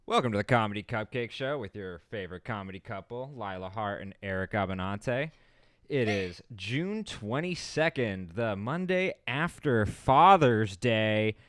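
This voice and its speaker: A man's voice: on the low side, lively intonation, measured pace, a bit bright, no echo, studio quality. Upbeat man co-hosting a casual show. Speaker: co-host. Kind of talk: casual chat. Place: Los Angeles home.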